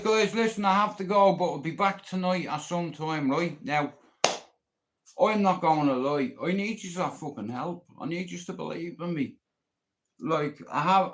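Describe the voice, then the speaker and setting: A middle-aged Irish man hosting a livestream, rambling bluntly and swearing constantly. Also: fairly high pitch. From Ireland. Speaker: livestream host.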